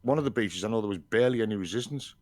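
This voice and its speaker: A man's voice: fairly low pitch, rapid-fire, darkish tone, dry recording. A man co-hosting a podcast, retelling military history earnestly and often repeating words as he searches for them. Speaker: podcast co-host. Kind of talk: casual chat.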